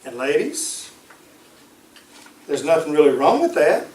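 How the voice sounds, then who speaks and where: A man preaches a sermon in a fairly high voice and drives points home by repeating them. He sounds set back from the mic in an echoey room. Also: sing-song, unhurried, darkish tone, distant mic. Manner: emphatic, repeats key phrases.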